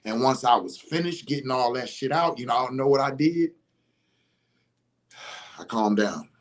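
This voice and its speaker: A man talking in a casual livestream monologue, animated and emphatic, swearing freely. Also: medium pitch, fairly quick. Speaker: vlogger.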